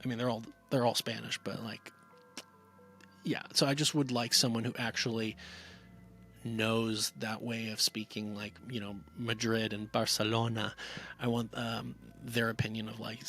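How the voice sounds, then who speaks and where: A man's voice: medium pitch, little pitch movement, normal speed, pushed and bright, soft background music. A man giving a casual, rambling spoken movie review, full of fillers and restarts. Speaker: film reviewer.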